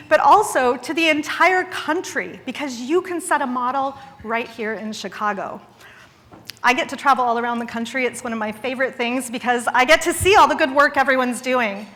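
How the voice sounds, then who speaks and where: Woman in her forties, bright and high-pitched, candid and wry, speaking in a reverberant hall. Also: moderate pace. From Idaho, USA. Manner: earnest and candid, with wry self-deprecating humor. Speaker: guest speaker at a charity gala. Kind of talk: public speech. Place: large event hall.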